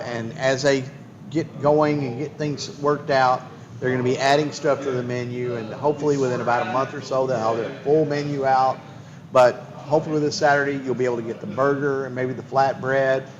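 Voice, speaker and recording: A man's voice: medium pitch, steady tone, moderate pace, highs cut off, crowd noise. A man hosting a casual show from a lounge, telling stories with lots of restarts and enthusiasm. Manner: rambling, enthusiastic storyteller with many restarts. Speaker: host. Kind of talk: casual chat. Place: bar lounge.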